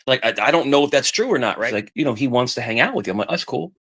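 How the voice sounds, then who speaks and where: A middle-aged man chatting casually, voice sitting in an ordinary middle pitch. He rambles, repeats phrases and restarts sentences as he tells a family story. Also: expressive, quick pace, hardly any pauses, bright, forceful tone. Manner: rambling, repeats himself, acts out quoted voices. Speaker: podcast guest telling family stories. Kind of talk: casual chat.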